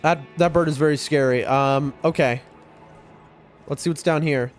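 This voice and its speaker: A young man streaming a game, chatting excitably to his viewers as he plays. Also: on the high side, normal speed. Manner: chatty, excitable, often addresses chat. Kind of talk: live gameplay commentary to chat. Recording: faint music behind voice.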